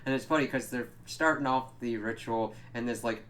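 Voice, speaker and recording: A man's voice: medium pitch, normal speed, a bit bright, a little hiss or hum. A man giving a casual spoken recap of a show, rambling and swearing, with lots of fillers. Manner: rambling, profane, many fillers. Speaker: show reviewer.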